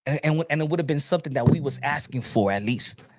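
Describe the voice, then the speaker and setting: A man giving opinionated boxing commentary. He talks in heated, profane bursts, repeats words, and rises to shouting. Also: a little high, animated, fast, dry recording, clean studio sound.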